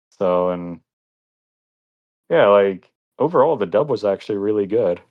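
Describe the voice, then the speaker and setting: A man's voice: lowish voice, muffled recording. A young man co-hosting a podcast, reviewing an anime in casual chat, rambling and laughing often. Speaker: podcast co-host.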